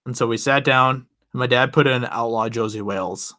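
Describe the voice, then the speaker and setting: Bright-voiced young man telling a story. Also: mid-range voice, normal speed. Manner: rambling, chatty, laughs often, many restarts. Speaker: channel host. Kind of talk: casual late-night storytelling to viewers.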